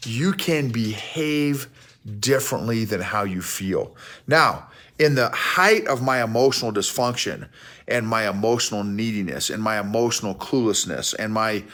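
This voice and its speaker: A man's voice: lowish voice, moderate pace. Folksy man talking outdoors. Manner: folksy, animated, repeats and restarts words. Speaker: leadership coach and podcast host. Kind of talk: casual outdoor talk to camera. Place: outdoors in snow.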